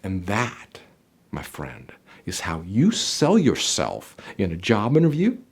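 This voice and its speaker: A man's voice: fairly low pitch, wildly swooping pitch, slow, breathy edge. A middle-aged man coaching job seekers straight to camera, emphatic and motivational, speaking directly to the viewer.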